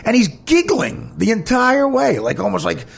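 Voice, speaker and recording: A man's voice: sits high, big pitch swings, normal speed, gravelly, breathy edge. A man, a comedian hosting a podcast, telling a candid personal story in a blunt, emphatic, heated way.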